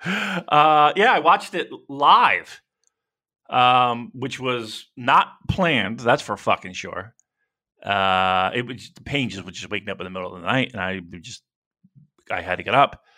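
A man's voice: mid-range voice, a little slow. A man co-hosting a casual wrestling podcast, rambling and swearing as he tells stories. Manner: profane, rambling, animated storytelling. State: dealing with a sore shoulder. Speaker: podcast co-host.

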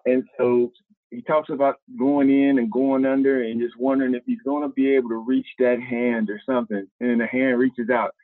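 Animated man on a tinny phone line. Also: medium pitch, moderate pace, no echo. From Ohio, US. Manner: animated, slangy, acts out other people's lines. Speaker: guest, former pro basketball player. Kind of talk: casual storytelling.

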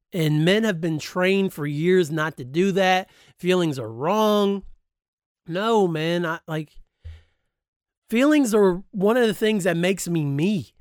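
A man's voice: high voice, no room sound, studio quality. A man hosting a podcast, talking candidly and emphatically in a personal monologue, swearing freely. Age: adult, grew up past high school. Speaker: podcast host.

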